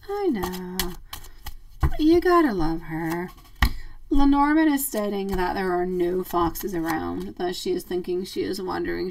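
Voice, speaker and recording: A woman hosting a live tarot reading, chatty and affectionate, calling her listeners sweetie and love, playful and quick to laugh. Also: fairly low pitch, gravelly, distant mic, slight background noise, low-quality recording. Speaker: tarot reader.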